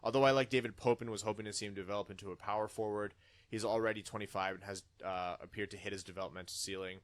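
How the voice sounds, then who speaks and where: A man's voice: lowish voice, steady tone, quick pace. Man reading fan comments on a podcast. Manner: chatty, reads comments with put-on dramatic voices. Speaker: podcast host. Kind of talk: casual podcast chat, reading listener comments aloud.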